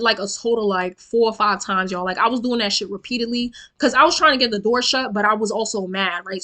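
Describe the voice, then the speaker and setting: A young woman telling a heated storytime vlog, animated and swearing, constantly checking in with "right?". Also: on the high side. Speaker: storytime vlogger.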